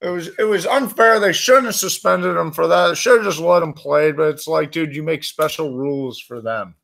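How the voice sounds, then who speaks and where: A man's voice: on the high side, normal speed, creaky, a bit bright. A man co-hosting a casual chat, chiming in loosely with short reactions.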